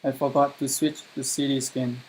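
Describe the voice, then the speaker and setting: A man's voice: medium pitch, level tone, moderate pace, slight background noise, rough recording. A man streaming a strategy game live, commenting as he plays, swearing often in frustrated outbursts, with non-native English grammar. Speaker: gaming streamer.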